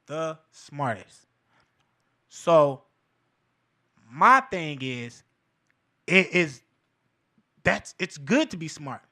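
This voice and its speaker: A man's voice: fairly high pitch, sing-song, extremely slow, pauses often, bright, forceful tone. A man hosting a show, delivering a casual, profane commentary monologue and laughing between his points. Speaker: show host.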